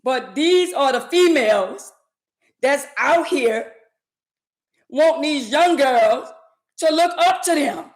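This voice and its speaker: A woman with a fairly high voice rants in slow, drawn-out phrases. She is indignant and emphatic, hammering the same words again and again, and the room echoes around her. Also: lively intonation. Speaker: vlogger. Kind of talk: ranting commentary to camera.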